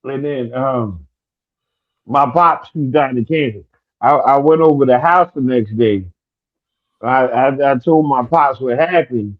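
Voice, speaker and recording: A man's voice: mid-range voice, unhurried. Stammering storytelling man, lo-fi sound. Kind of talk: casual podcast chat. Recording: dull lo-fi sound.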